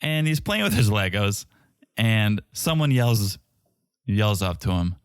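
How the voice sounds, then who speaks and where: Man, podcast co-host, deep lively voice, dry close sound, casual recap chat. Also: a little slow, clean tone, dry recording. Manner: chatty, animated, laughs often.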